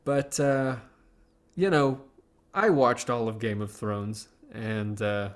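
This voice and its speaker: Male podcast co-host, mid-pitched, wry and halting delivery. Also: steady tone. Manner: wry, halting, many restarts. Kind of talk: casual podcast chat.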